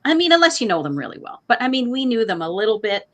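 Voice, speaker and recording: Talking fast with big swings in pitch, a middle-aged woman co-hosts a morning show. In a relaxed chat she shares family food stories, laughs frequently, and imitates relatives in higher voices.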